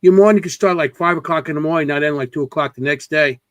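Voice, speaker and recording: A man talking casually about film crew work in a halting way, with lots of ums and restarts. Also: a little high, a bit bright, dry recording. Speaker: co-host. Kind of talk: casual conversation.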